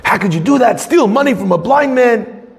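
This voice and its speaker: A man voicing an angry blind man who shouts indignant accusations at a stranger. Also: very high voice, lively intonation, normal speed, gravelly, long reverb tail, pitched above the performer's own voice, full character voice.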